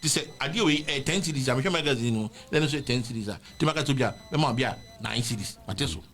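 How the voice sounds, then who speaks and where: A man's voice: medium pitch, fast, soft background music. A man with a Ghanaian accent telling a story in casual chat, switching between Twi and English. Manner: animated, mixes Twi and English.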